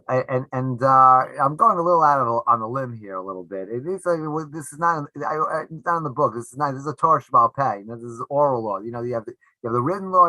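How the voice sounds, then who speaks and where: A man with a very bright, forward voice talks through an interview, often stopping and restarting. He sounds dry and close, with no room around him. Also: mid-range voice, dry recording, rough recording. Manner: halting, many restarts, laughs often. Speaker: rabbi and author being interviewed. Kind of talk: conversational interview answers.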